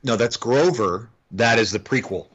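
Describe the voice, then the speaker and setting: A man's voice: mid-range voice, normal speed, fairly bright tone, slightly rough. A man co-hosting a film podcast in casual chat, rambling with restarts and easy laughs. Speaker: podcast co-host. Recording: slightly dull lo-fi audio.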